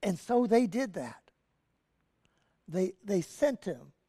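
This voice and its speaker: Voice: medium pitch, very animated, takes it slowly, dark tone, breathy edge, in a large hall. A pastor giving a sermon and telling a story with animation and casual asides. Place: church sanctuary.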